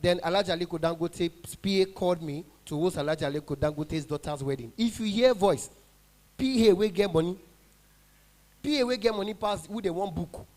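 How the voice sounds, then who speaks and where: A Nigerian man with a high voice does stand-up at an end-of-year party, teasing the audience. He slips between English and pidgin in a quick, bantering flow. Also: darkish tone. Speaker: stand-up comedian and event MC.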